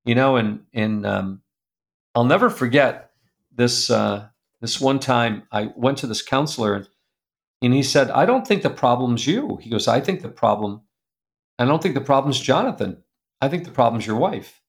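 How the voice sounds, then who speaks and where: A middle-aged man telling a personal story as a guest, earnest and confessional, going soft and quiet at the painful parts. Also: mid-range voice, animated, moderate pace, creaky. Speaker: guest speaker.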